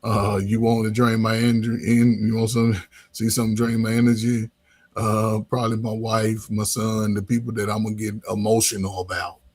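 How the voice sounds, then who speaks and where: A man's voice: lowish voice, level tone, brisk, a little mellow, slightly rough. A middle-aged man, a coach and former teacher, talking loosely in casual conversation with lots of restarts and filler words.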